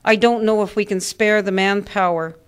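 A woman's voice: medium pitch, steady tone, normal speed, clean tone, natural voice. Woman reading as a hesitant office boss, bureaucratic and unsure.

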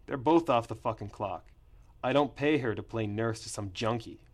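A man's voice: medium pitch, normal speed, lightly acted. A man voicing a crude, self-centered boss while reading a story aloud. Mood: irritated.

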